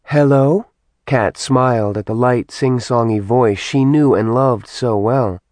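A man reading an audiobook in measured, even storytelling narration. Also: mid-range voice, no echo. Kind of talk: scripted narration.

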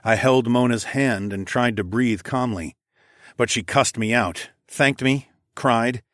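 A man narrating a fantasy novel in the first person, in a measured, steady storytelling manner. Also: medium pitch, no echo, studio quality. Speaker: audiobook narrator.

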